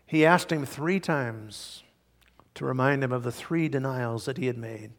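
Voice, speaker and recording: A man preaching a sermon in a church, emphatic, swinging between loud and hushed. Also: medium pitch, a little slow. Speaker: pastor. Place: church sanctuary. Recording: long hall reverb.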